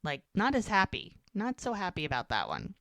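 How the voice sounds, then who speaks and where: A woman's voice: on the low side, huge pitch swings, normal speed, a bit bright, dry recording. A woman co-hosting a podcast, animatedly recapping a TV episode in casual chat, acting out lines as she goes. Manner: chatty, with frequent "like" fillers. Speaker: podcast co-host.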